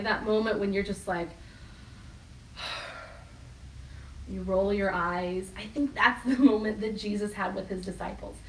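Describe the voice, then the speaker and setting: A middle-aged woman pastor preaching a sermon, animated and laughing as she acts out quoted voices. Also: medium pitch, recorded from a distance, slight background noise. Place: church hall. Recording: echoey room from off mic.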